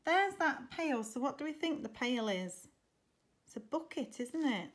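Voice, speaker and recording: A woman teacher reads a picture book aloud for children's story time, pausing often to ask the listeners questions. Her voice is high and very animated in pitch. She takes her time over every line. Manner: expressive, asks children questions.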